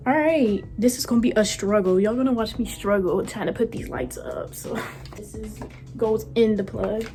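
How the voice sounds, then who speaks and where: A woman vlogging casually from her room, excitable and gushing as she talks to her viewers. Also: medium pitch, normal speed. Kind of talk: casual vlog chat.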